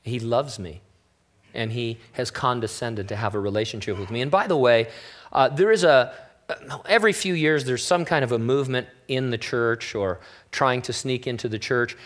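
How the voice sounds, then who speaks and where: A man, a pastor, preaching a sermon in a relaxed, conversational way with wry, joking asides. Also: mid-range voice, moderate pace.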